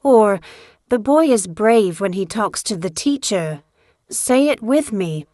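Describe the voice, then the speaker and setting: Woman, English lesson, very slow pace, clear deliberate delivery, dry close recording. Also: medium pitch, lively intonation, warm tone, no echo. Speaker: English teacher. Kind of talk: slow scripted language lesson.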